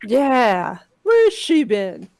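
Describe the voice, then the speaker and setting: A woman's voice: on the high side, wildly swooping pitch, very slow, gravelly, a little mellow, no room sound. A woman co-hosting a game stream, reading out the story text with joking asides. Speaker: co-host. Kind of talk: playing a text adventure game. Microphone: desk microphone at home.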